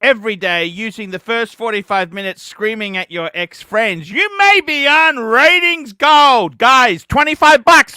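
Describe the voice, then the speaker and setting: A man hosting a livestream, ranting profanely and breaking into shouts. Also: extremely high pitch, lively intonation, moderate pace, few pauses, no room sound, clean studio sound. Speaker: livestream host.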